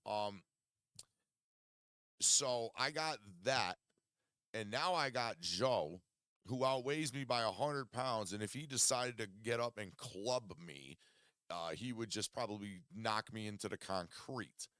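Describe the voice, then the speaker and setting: A man's voice: lowish voice, slow pace, fairly bright tone, clean tone, no room sound, clean studio sound. A man hosting a podcast from his basement, telling a rambling, profanity-heavy story in casual chat. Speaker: podcast host. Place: home basement studio.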